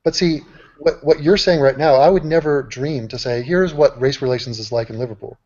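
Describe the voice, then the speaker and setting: A man's voice: medium pitch, fairly quick, highs cut off. American man ranting on video call. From United States. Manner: animated, talks over others, swears casually. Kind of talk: casual group video chat.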